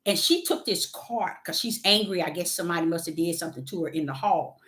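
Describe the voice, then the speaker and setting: A middle-aged woman, telling a workplace story in a casual, animated vlog with loud acted-out quotes. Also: on the low side, fairly quick. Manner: animated, exclaiming, acts out quotes loudly.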